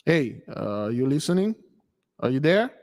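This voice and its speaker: A man's voice: mid-range voice, sing-song, measured pace, gravelly, a little mellow. Guy ranting on his livestream, preachy and punchy, lots of long reverb. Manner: emphatic, preachy, repeating phrases. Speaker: channel host. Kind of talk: livestream commentary.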